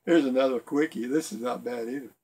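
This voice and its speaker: A man's voice: mid-range voice, fast, a little mellow. A middle-aged man casually reading jokes aloud for his video blog, rambling a bit and chuckling at his own punchlines. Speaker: video blogger telling jokes.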